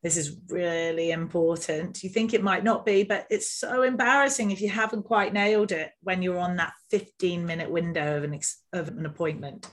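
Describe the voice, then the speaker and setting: Steady woman co-hosting a podcast. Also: medium pitch. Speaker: podcast co-host. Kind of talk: casual podcast chat giving business tips.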